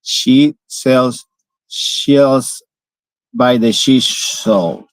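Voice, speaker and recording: A man's voice: mid-range voice, expressive, drawn-out words, no room sound, rough recording. A man with a Spanish accent, a native Spanish speaker, chatting playfully on a live stream and stumbling through tongue twisters. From Spain. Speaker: vlogger. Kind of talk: casual live-stream chat.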